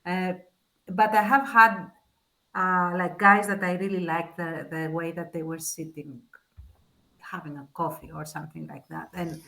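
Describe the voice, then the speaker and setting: Lady chatting on a podcast, bright clear voice, frank and chatty. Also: lowish voice, steady tone, low-quality recording. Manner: frank, chatty, quick to laugh. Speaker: podcast co-host. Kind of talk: casual chat.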